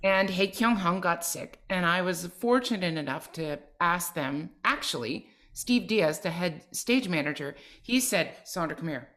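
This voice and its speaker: A middle-aged woman with a somewhat low voice co-hosts an interview. She speaks earnestly, offering advice and asking thoughtful questions at a conversational pace. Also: lively intonation, measured pace, few pauses, fairly bright tone. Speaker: podcast co-host and opera singer.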